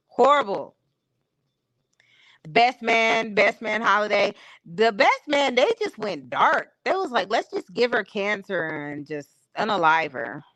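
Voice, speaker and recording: Bright-voiced, opinionated woman streamer. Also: fairly high pitch, no echo, low-quality recording. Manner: candid and opinionated, with slangy talk. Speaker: stream host. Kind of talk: casual chat. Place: home streaming setup.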